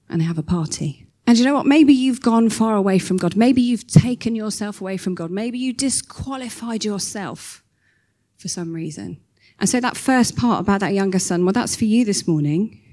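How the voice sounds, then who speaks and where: A woman preaching a sermon, telling a story with lively acted-out quotes. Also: medium pitch. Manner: animated storytelling, acting out quoted voices.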